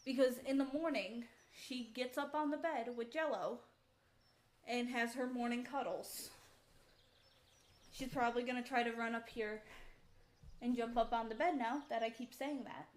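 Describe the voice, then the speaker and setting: A woman's voice: fairly high pitch, normal speed, pauses often. A woman streamer chatting casually and rambling to herself while playing a game at home. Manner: rambling, chatty, self-talk between game actions. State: out of breath.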